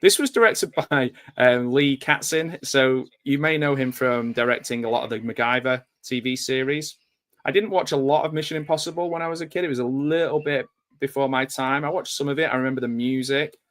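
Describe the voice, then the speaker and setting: A man's voice: mid-range voice, steady tone, a little fast, a bit bright. A man giving a casual, rambling live commentary while watching a movie, drifting into nostalgic asides. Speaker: film commentator.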